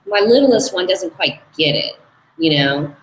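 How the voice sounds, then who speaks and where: Woman co-host in her thirties, mid-pitched, chatty storyteller, echoey room with faint noise. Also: expressive, measured pace. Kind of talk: casual podcast chat.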